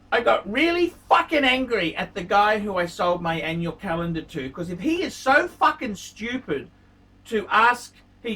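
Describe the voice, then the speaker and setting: A man's voice: high-pitched, sharp tone, breathy edge, distant mic. Furious, swearing man, set back from the mic. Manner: furious, swearing, repeats insults. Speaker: watch vlogger. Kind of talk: angry profane rant to camera.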